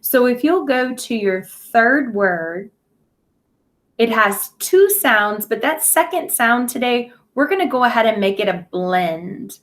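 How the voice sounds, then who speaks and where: A woman's voice: on the high side, lively intonation, takes it slowly, fairly bright tone. A woman teaching a phonics lesson to young children, speaking patiently and over-enunciating sounds.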